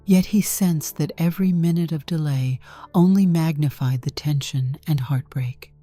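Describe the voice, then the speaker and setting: A woman narrating a story in a calm, measured way from a script. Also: sits low, no echo. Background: faint music.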